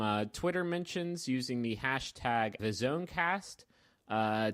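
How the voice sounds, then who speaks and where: Joking male podcast host. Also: a little high. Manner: joking, self-interrupting, playful asides. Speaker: dungeon master and podcast host. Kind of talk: casual podcast talk and ad reads.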